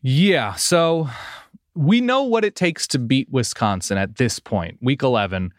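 A man's voice: medium pitch, expressive, a little slow, no echo, clean studio sound. A man co-hosting a casual sports podcast, breaking down stats in a chatty, self-correcting way. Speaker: podcast co-host.

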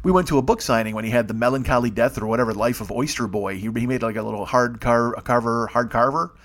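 A man's voice: mid-range voice, fast talker, a bit bright. A man hosting a comedy podcast, delivering a rambling, profane, self-mocking monologue full of digressions. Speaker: podcast host.

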